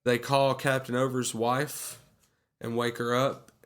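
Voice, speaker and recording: A man's voice: mid-range voice, flat delivery, a little slow, fairly bright tone. A man co-hosting a podcast, casually retelling movie scenes and acting out the quotes. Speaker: podcast co-host. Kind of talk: casual movie recap chat.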